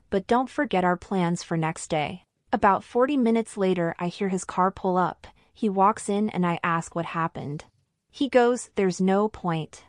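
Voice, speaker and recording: Woman caller, lowish voice, dry close recording, deadpan storytelling. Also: no room sound. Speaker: listener leaving voice message. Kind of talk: recounting anecdote.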